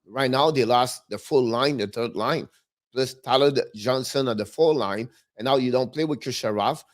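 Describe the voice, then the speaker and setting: A man co-hosting a hockey talk show, speaking as a with halting phrasing and frequent restarts. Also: medium pitch. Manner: halting, restarts phrases, non-native grammar. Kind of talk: casual sports talk.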